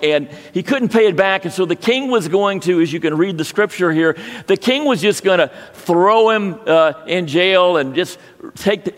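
A man preaching a sermon, telling a personal story in a halting way with frequent restarts. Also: a little high. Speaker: pastor. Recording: long hall reverb.

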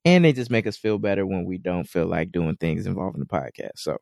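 A man's voice: low-pitched, animated, fairly quick, creaky, a little mellow, no room sound, studio quality. A man co-hosting a podcast in a laid-back way with many fillers. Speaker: podcast co-host. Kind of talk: casual podcast chat.

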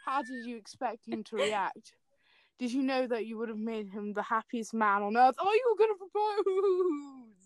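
A woman's voice: a little high, expressive, normal speed, no echo. A young woman hosting a casual chat, reading fan fiction aloud with melodramatic flair and joking between lines. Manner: reads melodramatically, breaks into laughter and jokes.

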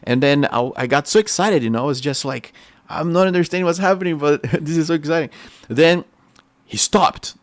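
Delivering a testimony sermon, a Brazilian Portuguese-accented preacher, Portuguese by native tongue, tells his story with animated excitement. He speaks at normal speed in a slightly high voice, and there's no room sound.

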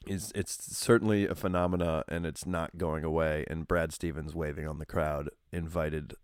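Deep-voiced guy rambling about hoops on a podcast, dry mic, lots of um and like. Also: normal speed, clear, resonant tone, dry recording. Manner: rambling, animated, many fillers and restarts. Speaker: podcast co-host. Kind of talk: casual sports chat.

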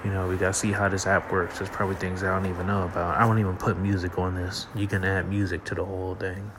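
Man, late-night solo podcast host, low voice, sleepy, loose rambling delivery, faint hiss behind. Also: flat delivery, fast talker. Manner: rambling, laid-back, laughs often, trails off with fillers. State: sleepy, yawning. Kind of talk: casual solo podcast monologue. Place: at home at night.

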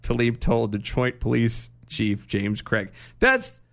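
A man's voice: mid-range voice, sing-song, slow pace, creaky, a bit bright. A man co-hosting a podcast in casual chat, sarcastic and laughing often as he talks. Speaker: podcast co-host.

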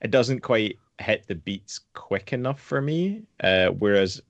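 Sweary podcaster, low dry voice. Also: male voice, expressive, a little slow, no echo, lo-fi sound. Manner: sweary, acts out scenes in silly voices. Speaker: podcast co-host. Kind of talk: casual film chat.

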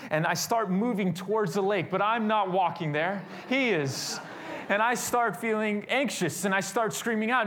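A man preaching a storytelling sermon as a pastor, animated and swinging from loud to hushed. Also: high-pitched.

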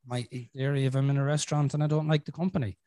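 An Irish man hosting a podcast, talking frankly and swearing, rambling with restarts and clearing his throat from a chest infection. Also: medium pitch, steady tone, racing, dark tone, no room sound. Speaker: podcast host. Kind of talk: casual podcast chat.

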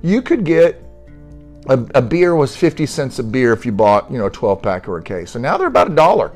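Animated, wry middle-aged male podcaster. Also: mid-range voice, a little fast, soft background music. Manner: rambling, wry grumbling about everyday annoyances. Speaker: podcast host. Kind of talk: casual solo podcast monologue.

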